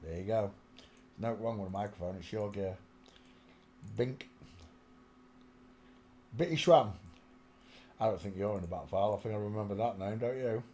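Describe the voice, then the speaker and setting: A man's voice: lowish voice, moderate pace, pauses often, darkish tone, slight background noise. A man hosting his own channel. He gives casual commentary while browsing photos, muttering to himself and half-singing between remarks into a small desk microphone. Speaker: channel host. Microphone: small desk microphone close in front.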